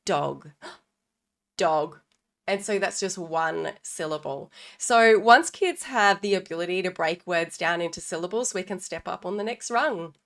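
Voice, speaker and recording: A woman's voice: fairly low pitch, moderate pace, few pauses. Woman, literacy teacher, casual podcast explainer, playful with examples. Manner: warm, playful modeling of sound games with children. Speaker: literacy educator and podcast host. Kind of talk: informal teaching talk to parents.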